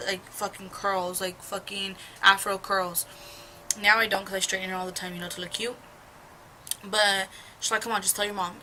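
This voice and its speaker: A woman's voice: mid-range voice, sharp tone, slight background noise, poor audio. A young woman in her home chatting casually while doing her makeup, telling a rambling, profane story full of gossip. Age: young adult. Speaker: beauty vlogger. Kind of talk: get-ready-with-me storytime chat.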